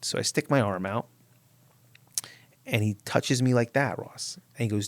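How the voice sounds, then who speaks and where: Man from jersey telling his story fast and punchy, swears a lot, dry mic. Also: mid-range voice, no room sound. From New Jersey. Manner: animated, emphatic, swears freely. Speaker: guest. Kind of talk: storytelling in a podcast interview.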